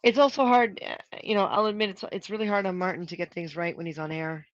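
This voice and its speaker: A prop maker chats casually on a livestream while working, thinking aloud and counting up costs. The voice sits at a middling pitch. The sound is dry and close, with dull, lo-fi livestream audio. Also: steady tone, quick pace, few pauses, a bit bright, no echo.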